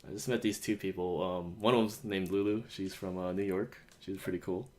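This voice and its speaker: A young man from the United States chats on a podcast in a fairly low voice. He rambles through his stories with plenty of fillers. He acts out what everyone said. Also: fairly even intonation, brisk, a little mellow. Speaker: podcast host. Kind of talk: casual chat.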